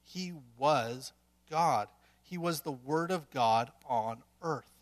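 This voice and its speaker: Guy preaching a sermon, earnest, slightly high voice, gets emphatic in bursts. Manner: earnest, building to emphatic peaks, with restarts.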